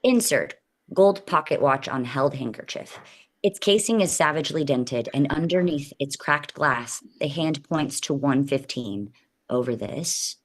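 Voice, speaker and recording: Low voiced woman reading out the stage directions, steady and plain. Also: a little slow.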